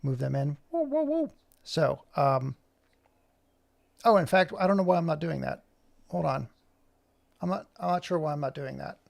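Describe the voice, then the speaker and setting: A man's voice: a little high, normal speed, vocal fry, pauses often. A middle-aged man talking through an animation tutorial as he works, chatty and self-mocking, muttering to himself. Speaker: video creator. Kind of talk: screen-recorded tutorial with running commentary.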